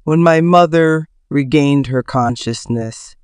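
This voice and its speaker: A man reads a first-person story aloud at an unhurried, careful pace. His voice is smooth and clear and sits mid-range. The sound is dry and close, with no room around it. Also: mid-range voice, no room sound. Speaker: story narrator.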